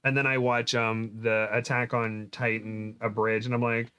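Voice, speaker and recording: A man's voice: medium pitch, level tone, normal speed, bright, forceful tone, smooth. A man reading a novel aloud, breaking off for playful, jokey asides. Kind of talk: reading aloud with casual commentary.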